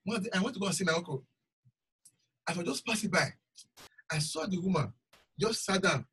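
Male preacher, raspy bright voice, emphatic repetition, recorded from a distance. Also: high-pitched, animated, fairly quick. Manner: emphatic, repeats phrases for stress. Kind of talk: sermon with personal testimony.

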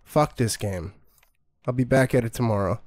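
A man's voice: mid-range voice, moderate pace, darkish tone, dry recording. A man streaming a horror game, commenting in a profane, sarcastic and irritated way. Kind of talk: live gameplay commentary.

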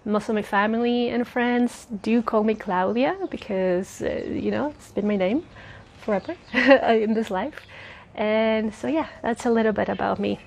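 A woman's voice: fairly high pitch, unhurried, creaky. A woman in her thirties, a native Spanish speaker with a slight lisp, talking casually and earnestly to her viewers, rambling a little and laughing often. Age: 30s. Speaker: spiritual vlogger. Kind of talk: casual personal talk. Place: outdoors near a road. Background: passing cars.

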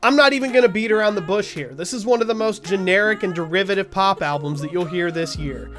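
A man's voice: high voice, fast, fairly bright tone. A man hosting a weekly music review show, reading scripted album verdicts in a wry, blunt way.

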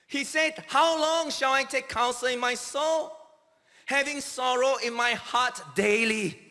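A man preaches a sermon in a very high, bright voice. He takes his time, leaning on each phrase and calling out quoted cries with dramatic force. His words ring out with the long reverb of a large church hall. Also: measured pace. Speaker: pastor.

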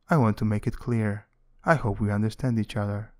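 A man's voice: lowish voice, steady tone, a little fast, darkish tone. A man reading comic strips aloud with casual, jokey, mock-menacing asides. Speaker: comic-strip reader and commentator.

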